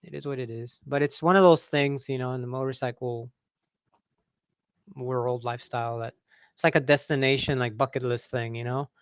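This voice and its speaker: A man's voice: medium pitch, fairly even intonation, normal speed, clear, resonant tone, no echo. Rambling man on a dry lo-fi mic. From California. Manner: rambling, laughs often. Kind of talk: casual chat.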